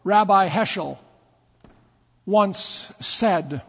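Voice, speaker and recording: A pastor telling stories in a sermon, with repeated phrases and dramatic pauses. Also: male voice, high-pitched, animated, breathy edge. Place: church sanctuary. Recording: long church reverb, dull lo-fi sound.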